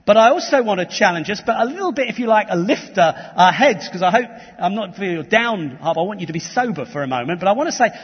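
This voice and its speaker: A man's voice: sits high, expressive, fast, few pauses, slightly rough, big-room sound, muffled recording. A man from England preaching a sermon, earnest and emphatic, with restarts and asides. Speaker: pastor. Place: church hall.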